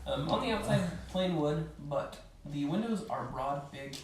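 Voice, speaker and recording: A man's voice: on the high side, expressive, measured pace. A man running a tabletop game and narrating it in a casual, laid-back way. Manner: casual, laughing, swearing. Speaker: game master. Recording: roomy, distant mic, background noise.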